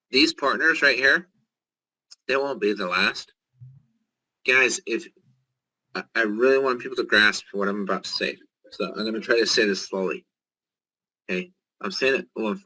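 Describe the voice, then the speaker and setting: Brief: male presenter, eager live sales pitch, sharp bright timbre. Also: slightly rough, low-quality recording. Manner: excited, salesy, joking.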